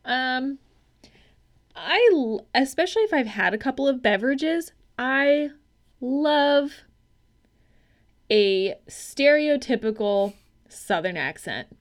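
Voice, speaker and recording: A woman's voice: high-pitched, animated, takes it slowly, pauses often. A woman co-hosting a casual movie-review podcast, talking bluntly and swearing, with lots of ums and hedges. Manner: blunt, profane, chatty with hedging fillers. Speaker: podcast co-host.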